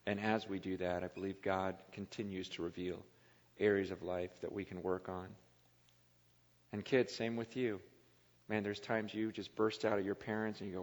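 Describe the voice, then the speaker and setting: A man preaching a sermon as a pastor, earnest and confessional, often dropping to a quiet, halting voice. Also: sits low. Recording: long hall reverb.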